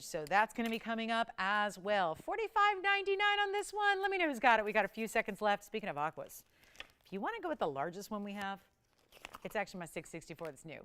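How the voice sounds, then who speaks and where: A woman hosting live TV jewelry sales, with a smooth, clear voice at an everyday middle pitch. She talks in an enthusiastic, chatty way, pitching prices and describing stones to viewers. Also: fairly bright tone. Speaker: shopping channel jewelry host.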